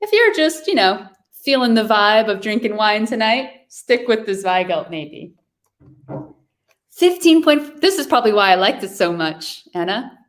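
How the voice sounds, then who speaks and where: A woman's voice: mid-range voice, moderate pace, few pauses. A woman from New York hosting a virtual wine tasting over a video call, chatting casually and describing wines with enthusiasm.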